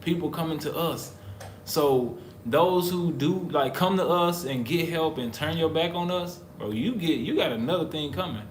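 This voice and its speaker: A man's voice: fairly high pitch, normal speed. A man from the United States talking casually to camera, emphatic and preacherly, repeating his points. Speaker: vlogger, husband in couple channel. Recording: roomy echo, faint background noise.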